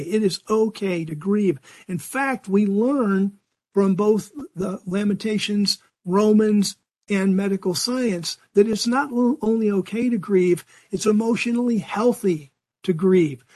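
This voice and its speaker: Casting: older male Bible teacher, high-pitched, earnest and conversational, restarts sentences often. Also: steady tone, measured pace, a little mellow.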